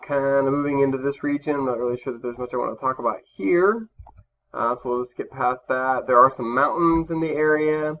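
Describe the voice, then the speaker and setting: A male teacher giving a recorded classroom lesson over slides, talking casually with many fillers and restarts. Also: medium pitch. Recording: slightly dull lo-fi recording with faint background hum.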